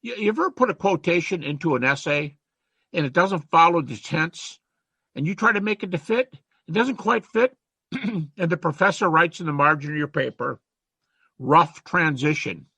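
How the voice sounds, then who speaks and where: An older man lectures in a chatty, emphatic way. His voice is bright and slightly husky, pitched a little higher than most men. The recording is dry, with no room sound. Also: lively intonation, moderate pace, no room sound. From United States. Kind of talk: informal lecture.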